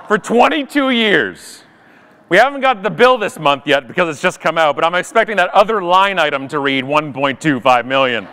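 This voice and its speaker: A man's voice: a little high, pushed and bright. A man giving a comedic, sarcastic keynote talk at a conference, telling stories with punchy timing. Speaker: conference speaker. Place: large conference hall. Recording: live hall reverb.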